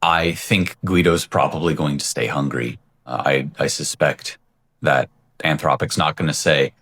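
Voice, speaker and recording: A man's voice: very deep voice, fairly even intonation, measured pace, fairly bright tone. A man co-hosting a podcast in a casual discussion, wry and argumentative, teasing his partner. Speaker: podcast co-host.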